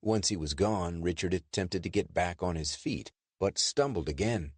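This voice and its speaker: A man narrating a pulp adventure audiobook in lively storytelling. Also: sits low, moderate pace, husky, no echo. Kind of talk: scripted narration.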